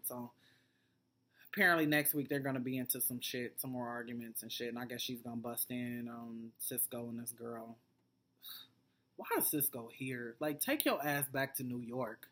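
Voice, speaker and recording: A woman with a notably low voice talks through a reality-show recap in a casual vlog. Her delivery is blunt and profane, and it rambles along with fillers and restarts. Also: a bit bright. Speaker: TV recap vlogger.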